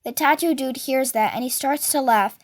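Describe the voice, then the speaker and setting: High-voiced woman reading a novel aloud. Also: moderate pace. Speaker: reader.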